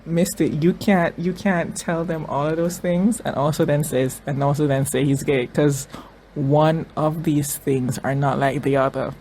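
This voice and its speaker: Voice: mid-range voice, fairly even intonation, a little slow, a little mellow, a little hiss or hum, poor audio. A host giving emotional commentary on a TV episode, tearful at times, repeating phrases and restarting sentences often. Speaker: reaction video host.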